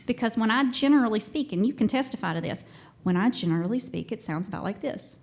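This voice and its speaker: A woman's voice: medium pitch, animated, fast. A young woman from Tennessee and Georgia with a Southern accent, telling a story on stage to a live audience in a chatty, self-deprecating way.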